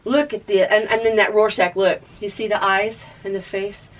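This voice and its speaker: A woman hosting a casual crafting tutorial, chatty and excitable as she shows off her results. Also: medium pitch, moderate pace. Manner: chatty, excitable, talks to herself while showing results. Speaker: craft video host.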